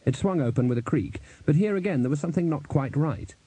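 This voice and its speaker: A man reading a novel aloud as a narrator, measured and wry, close to the mic. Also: fairly high pitch, lively intonation, mellow, husky, no room sound. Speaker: audiobook narrator. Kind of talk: scripted narration.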